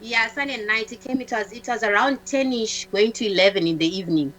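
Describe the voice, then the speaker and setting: A woman, a talk-show guest, telling a personal story in a halting way, restarting often, repeating words and acting out what others said. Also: fairly high pitch, fairly bright tone, a little hiss or hum, rough recording. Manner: acts out the dialogue of others in her story.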